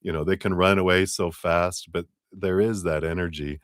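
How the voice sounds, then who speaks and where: Low-voiced guy doing a live tarot stream, lots of ums and laughs, dry sound. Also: moderate pace, no echo. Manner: animated, acts out quoted voices with big pitch jumps; laughs often, many fillers. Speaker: tarot reader. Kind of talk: live-streamed reading talk.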